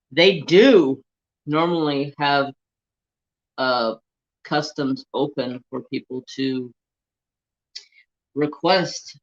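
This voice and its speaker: A man with a slightly high voice chats slowly and easily through a crafts livestream, sounding a little sniffly and teary. The stream audio is dull and lo-fi, like a home setup. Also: a bit bright. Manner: slow, chatty, humming to himself. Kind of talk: casual livestream chat. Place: home room with a fan blowing.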